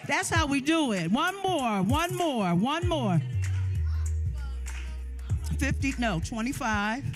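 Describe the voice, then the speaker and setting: High-voiced woman emceeing a crowd event. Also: slow, soft background music. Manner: energetic call-and-response with the crowd. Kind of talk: crowd hype and game hosting. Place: large event room with tables.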